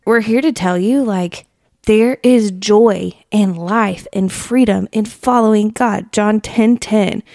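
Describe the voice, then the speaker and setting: A woman's voice: medium pitch, takes it slowly, darkish tone, no echo, studio quality. Earnest laughing woman podcast host. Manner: earnest, laughs often, acts out quoted prayers. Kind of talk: casual faith podcast chat.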